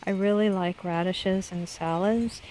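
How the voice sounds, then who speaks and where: A woman's voice: medium pitch, fairly even intonation, a little slow, background noise. Chatty middle-aged woman touring her garden. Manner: rambling, chatty, self-correcting. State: unwell, with hiccups. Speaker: vlogger showing her garden. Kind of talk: casual garden tour. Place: outdoor backyard garden.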